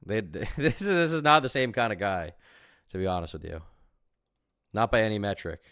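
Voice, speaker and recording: A man's voice: lowish voice, lively intonation, normal speed, fairly bright tone, no room sound, clean studio sound. A man streaming live and reacting to a video, talking casually in a rambling, argumentative way full of fillers.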